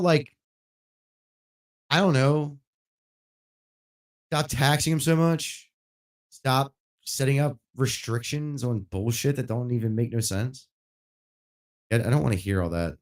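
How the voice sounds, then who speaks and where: A man's voice: medium pitch, expressive, measured pace, pauses often. Blunt, profane man streaming. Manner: blunt and profane, rising loud when worked up. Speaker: gaming livestreamer. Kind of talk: casual rant while streaming.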